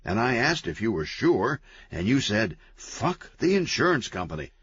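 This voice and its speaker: A man's voice: fairly low pitch, very animated, fairly bright tone, slightly rough, no echo, voice pushed up, exaggerated voice. A man voicing a manic, chatty, cheerful antihero man who talks gleefully and wheedles. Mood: persuasive. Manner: gleeful, fast-talking, wheedling. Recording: dull, lo-fi, dry.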